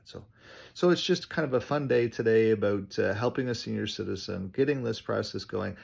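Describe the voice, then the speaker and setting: A man's voice: fairly low pitch, a little fast, a little mellow. A man, a realtor, chatting through a casual vlog update, telling stories with lots of ums. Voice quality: gravelly, husky. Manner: chatty storytelling with many ums.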